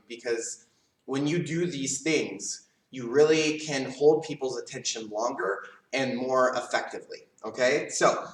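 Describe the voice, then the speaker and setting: Man, karate instructor, calm and serious with students, mid-pitched, echoey room. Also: recorded from a distance. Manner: calm, earnest, talks straight to kids. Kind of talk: live online leadership class. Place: karate school. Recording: roomy, mic set back.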